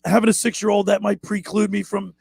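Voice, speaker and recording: A male sports radio host in a studio, his voice high and gravelly with a husky edge. He talks in an excitable, animated way. The sound is close and dry. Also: brisk, no room sound. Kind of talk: casual sports radio chat.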